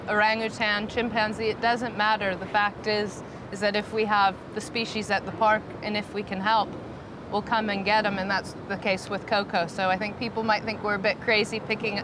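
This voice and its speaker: A woman who runs an animal rescue centre, speaking earnestly and with determination to the camera outdoors. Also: mid-range voice. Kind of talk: casual talk to camera. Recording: outdoor street noise.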